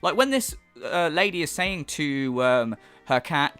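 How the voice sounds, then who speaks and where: A man's voice: on the high side, lively intonation, unhurried, a bit bright, clear, resonant tone, faint music behind. A British man giving a sweary, mocking reaction commentary on a video. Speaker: YouTube commentator.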